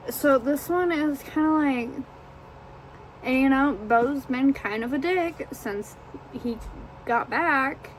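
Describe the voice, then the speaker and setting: A woman's voice: sits high, takes it slowly, slight background noise, poor audio. A woman casually chatting about a book she read, rambling and profane. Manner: rambling and profane, lots of fillers. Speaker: book reviewer. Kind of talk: casual chat.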